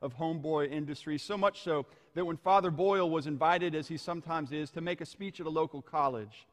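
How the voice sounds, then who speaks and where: Measured preacher in a reverberant hall. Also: male voice, on the high side. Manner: measured, storytelling, slowing on key phrases. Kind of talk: sermon.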